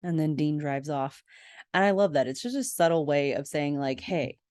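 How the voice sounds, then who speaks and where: Low-voiced woman recapping a TV episode. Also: moderate pace, no room sound, studio quality. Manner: expressive, gasps and exclaims while retelling. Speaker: podcast host.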